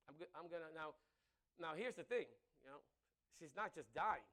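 A man's voice: fairly high pitch, normal speed, pushed and bright. A middle-aged man preaching a sermon, joking with the crowd, laughing often and repeating his words.

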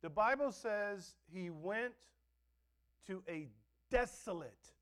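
A male pastor preaching a sermon, swinging between loud emphatic words and soft, quiet asides. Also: sits high, animated, measured pace. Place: church.

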